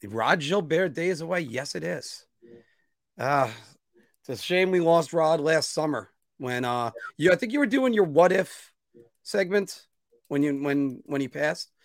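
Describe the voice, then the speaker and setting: A man's voice: a little high, lively intonation, measured pace, no echo, studio quality. A man hosting a hockey podcast, chatting casually and plugging merchandise between questions to his co-host. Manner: upbeat, plugs merch and sponsors. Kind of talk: casual sports chat.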